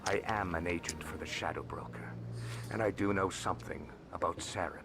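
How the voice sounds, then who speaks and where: A man voicing a calm male alien information broker who speaks deliberately and stresses single words, as a video game character. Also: deep voice, creaky. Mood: measured. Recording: game audio over loud music.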